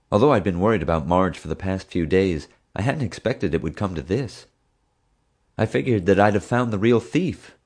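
A man reading an audiobook in steady, even first-person narration. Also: low-pitched, breathy edge.

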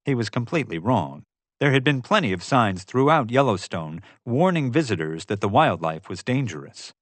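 A man narrating a story aloud in a lively, expressive way. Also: medium pitch, normal speed, dry recording. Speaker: audiobook narrator. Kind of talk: scripted narration.

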